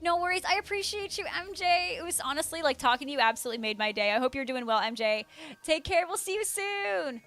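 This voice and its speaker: A woman's voice: high voice, animated, quick pace, fairly bright tone, soft background music. A young woman streaming live, chatting casually and bubbly as she reads out her viewers' messages.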